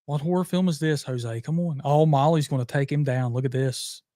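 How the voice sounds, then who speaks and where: A man hosting a live horror trivia stream in casual chat, playful and teasing, sometimes shouting with excitement. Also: on the high side, normal speed, dry recording, studio quality. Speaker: livestream host.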